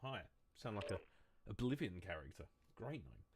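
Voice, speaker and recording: A man's voice: on the low side, sing-song, moderate pace, breathy edge, no echo. A young man streaming from home, chatting casually to his viewers in a rambling, self-mocking way. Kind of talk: casual live-stream chat.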